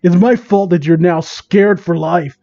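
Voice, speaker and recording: Man putting on a brooding cartoon hedgehog, low hushed voice, remorseful, lo-fi sound. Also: a little slow, vocal fry. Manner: lowered, hushed put-on voice. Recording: dull lo-fi recording.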